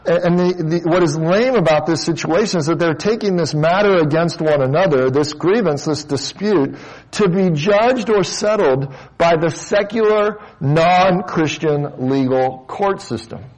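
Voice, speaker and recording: A man's voice: a little high, unhurried, a little mellow, rough recording. A middle-aged man, a pastor, preaching a conversational sermon with casual asides, frequent restarts and light humor.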